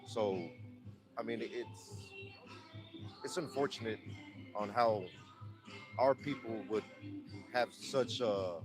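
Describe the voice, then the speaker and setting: A man with a Texan accent giving earnest, halting answers in a street interview, often restarting his words. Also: on the low side, over music, poor audio.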